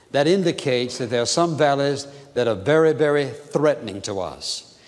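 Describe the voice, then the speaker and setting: A man preaching in an earnest, deliberate way, repeating his phrases and letting key words fall soft and low. His voice sits at an ordinary middle pitch. It carries a long reverb, as if filling a large church sanctuary. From United States. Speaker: pastor. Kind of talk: sermon.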